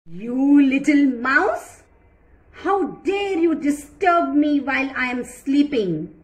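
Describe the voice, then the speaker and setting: A woman voicing a mighty, proud male lion who speaks loudly and commandingly. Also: sing-song, a little slow. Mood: angry. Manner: loud, booming and commanding.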